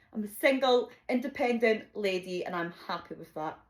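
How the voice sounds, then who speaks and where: Brief: young woman, brash storyteller, fairly high voice, swears freely. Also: expressive, moderate pace, hardly any pauses, fairly bright tone. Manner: chatty, swearing, dramatic outbursts, laughs often. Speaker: vlogger. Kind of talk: storytime monologue.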